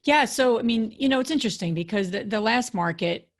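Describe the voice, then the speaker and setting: A woman's voice: fairly high pitch, lively intonation, brisk. A woman guest on a podcast interview, a real estate investor, friendly and talkative with "you know" fillers.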